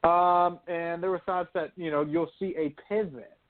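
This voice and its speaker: A man's voice: a little high, fairly even intonation, normal speed. A man co-hosting a radio talk show, giving confident, opinionated takes on sports and politics. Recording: phone-line quality audio.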